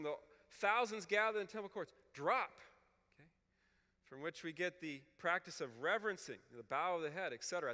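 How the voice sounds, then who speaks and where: A man's voice: high voice, fairly bright tone, smooth, big-room sound. A man giving a teaching talk to clergy, explaining scripture, reading passages aloud and checking in with "okay?". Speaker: Bible scholar speaking at a clergy retreat.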